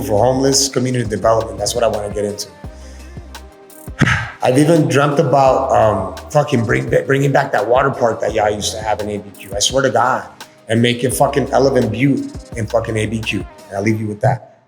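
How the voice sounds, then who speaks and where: A man hosting a casual podcast monologue, laid-back and earnest, slipping into Spanish phrases. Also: medium pitch. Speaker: podcast host. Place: inside his community shop. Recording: roomy sound with faint background music.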